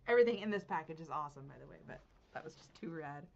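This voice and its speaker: A woman hosting a knitting podcast, chatting casually to her viewers, excitable and gushing, laughing often and swinging between hushed and loud. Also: deep voice, rapid-fire, vocal fry, lo-fi sound. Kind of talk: casual unboxing chat to viewers.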